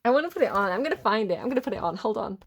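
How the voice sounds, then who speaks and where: A woman giving a casual tarot reading who rambles, gets easily distracted and often apologizes, then reads card text aloud more slowly between her asides. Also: fairly high pitch, expressive. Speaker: tarot reader.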